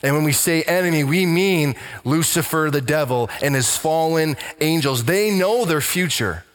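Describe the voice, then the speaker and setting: Emphatic preacher man in a reverberant hall. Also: expressive. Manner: emphatic, slows down and drops low to stress lines. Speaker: pastor. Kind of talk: sermon.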